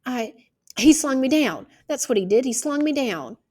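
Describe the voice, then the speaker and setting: A woman reading aloud, voicing a rough-spoken young woman witness who gives defiant, stumbling answers. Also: medium pitch, lively intonation, normal speed, pitched above the performer's own voice. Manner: defiant, stumbling answers, plain country grammar.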